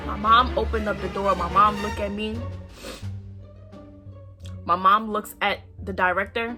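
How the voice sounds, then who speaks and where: A young woman casually telling a story to her viewers, animated and profane, talking to them directly and acting out the voices of people in it. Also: medium pitch, measured pace, pauses often, faint music behind. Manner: acts out quoted voices. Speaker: storytime vlogger.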